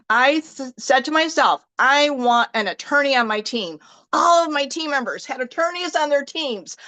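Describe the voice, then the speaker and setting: A middle-aged woman giving an animated motivational team talk, acting out her own thoughts as she tells stories. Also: on the high side. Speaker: team leader in direct sales.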